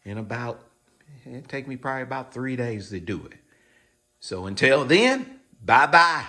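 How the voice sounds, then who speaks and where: A man's voice: medium pitch, expressive, moderate pace, fairly bright tone. A man chatting casually to camera in a motorcycle shop, telling a rambling story. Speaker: bike builder vlogger.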